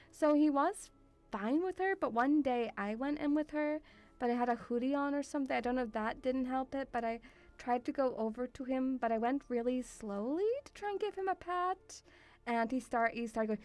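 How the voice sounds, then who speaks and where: Giggly high-voiced streamer woman, affectionate. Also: normal speed, smooth. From Russia. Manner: affectionate, calls the viewer sweetie, giggly. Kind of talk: casual stream chat reading viewer messages.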